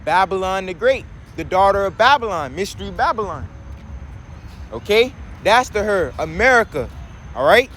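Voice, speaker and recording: A man teaching from scripture in a preaching style. He reads verses slowly and then explains them, checking in with "okay?" and "all right?" along the way. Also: high-pitched, expressive, a bit bright, a little hiss or hum. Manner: emphatic, preachy.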